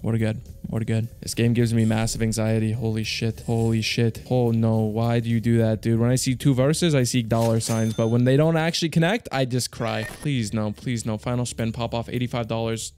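A young man giving hyped, profane commentary over a slot game, jumping between mutters and loud yells. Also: medium pitch, little pitch movement, normal speed, hardly any pauses, slight background noise. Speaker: slots streamer.

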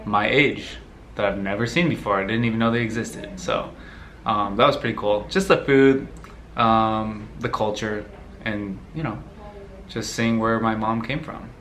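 A young man chats through viewer questions in a loose, rambling way, laughing easily as he goes. His voice sounds bright and lively. A faint background hum sits behind him. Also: fairly low pitch, measured pace. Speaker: vlogger answering viewer questions. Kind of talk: casual Q&A chat.

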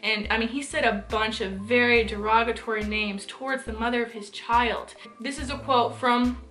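A woman's voice: on the high side, steady tone, moderate pace, fairly bright tone, faint music behind. A young woman giving her opinions in a casual commentary vlog, chatty and full of fillers. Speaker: vlogger.

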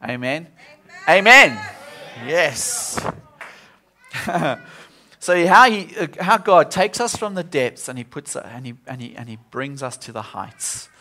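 A man's voice: on the high side, animated, normal speed, sharp tone. A man preaching a sermon at a church service, earnest and often repeating himself as he restarts.

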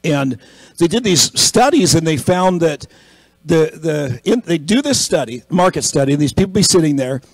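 A male pastor with a slightly raised voice tells a story the casual way, slipping into the voices of the people in it, and works up to a forceful appeal. The sound is close and dry, with no room around it. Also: a little high, expressive, moderate pace, dry recording, poor audio. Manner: storytelling, acting out quoted people, rising to emphatic exhortation. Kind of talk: conversational sermon.

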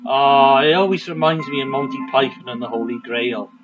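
A man's voice: medium pitch, normal speed, narrow, tinny audio, over music. A man casually commentating a video game, chatty and joking as he rambles. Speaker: let's play host.

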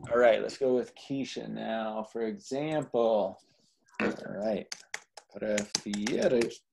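A man's voice: on the low side, slow, gravelly, darkish tone, a little hiss or hum. A man tutoring a Spanish class, explaining grammar patiently in a casual way. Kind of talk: online tutoring session.

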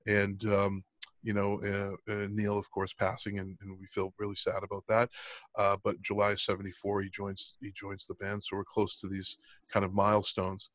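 A man's voice: lowish voice, completely flat delivery, normal speed, a bit bright, no room sound. A middle-aged man co-hosting a podcast in casual chat, rambling with lots of ums and restarts. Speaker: podcast co-host.

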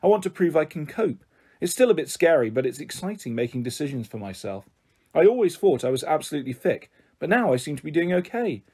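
Cheerful pushy mum, warm coaxing talk, mellow husky voice, a man doing it, storybook reading. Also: a little high, very animated, quick pace. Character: cheerful, pushy mother, adult woman.

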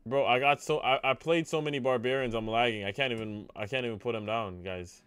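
A young man commenting on a game as he plays it live, speaking at a middling pitch and addressing his chat the whole way through. He swings easily into loud, excited outbursts when a move fails. Faint music plays quietly beneath his voice. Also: fairly quick, clear, resonant tone, no room sound. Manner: excitable, talks to chat, cries out when things go wrong. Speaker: game streamer.

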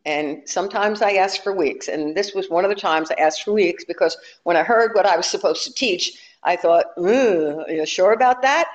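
A woman's voice: on the low side, a little fast, hardly any pauses, lo-fi sound. A woman minister giving a sermon in a conversational, humorous way. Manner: conversational and humorous, telling jokes to the congregation.

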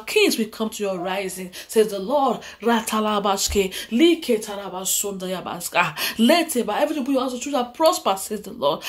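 A woman preaching a prophetic word with fervent, repetitive declarations. Her voice sits a little high for a woman. She slips into speaking in tongues between lines and punctuates them with hallelujahs. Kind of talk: prophetic sermon.

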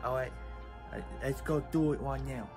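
A man's voice: medium pitch, moderate pace, music in the background. A man in an old vlog clip, hamming up a late-night challenge in a playful, slangy way, calling everyone "boy.". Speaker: vlogger in an old video. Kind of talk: goofy scripted vlog challenge.

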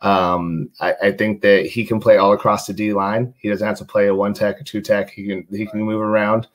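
Male guest, lower register, casual football talk, easygoing delivery. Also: flat delivery, moderate pace. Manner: laid-back, many fillers and restarts, jokes about his announcer voice. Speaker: podcast guest. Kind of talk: casual sports podcast chat.

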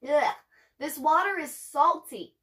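A woman's voice: sits high, takes it slowly, a bit bright, far from the mic, pitched above the performer's own voice. A woman voicing a brave curious little girl. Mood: puzzled.

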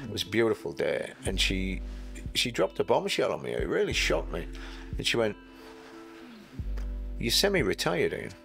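A middle-aged man talks in a fairly low voice, chatty and self-mocking, often jumping up in animated bursts. Faint music plays softly under him. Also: normal speed, gravelly. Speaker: interview guest. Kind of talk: casual storytelling.

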